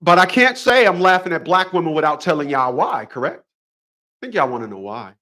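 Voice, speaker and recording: Guy ranting to camera, voice kinda high and jumping all over, keeps cracking himself up. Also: lively intonation, brisk, bright, forceful tone. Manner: mocking, laughs at his own jokes, repeats phrases. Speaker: commentary vlogger. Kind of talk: monologue rant.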